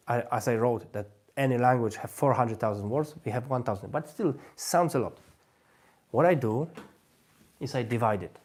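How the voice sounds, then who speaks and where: This language-learning host talks through a live tutorial in non-native English, restarting often and thinking aloud as he demonstrates. His voice sits at medium pitch with a darkish tone.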